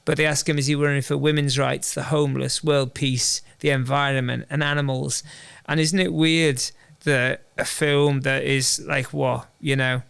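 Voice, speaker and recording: Gravelly man chatting. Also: medium pitch, level tone, moderate pace, fairly bright tone. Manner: chatty, rambling, self-deprecating humor. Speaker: guest, endurance runner. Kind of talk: casual interview chat.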